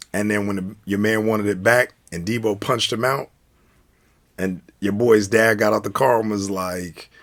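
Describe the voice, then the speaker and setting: Gravelly, husky American man telling stories. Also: on the low side. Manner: animated, slangy, acts out quoted speech. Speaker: storyteller, channel host. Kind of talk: casual storytelling of a night out.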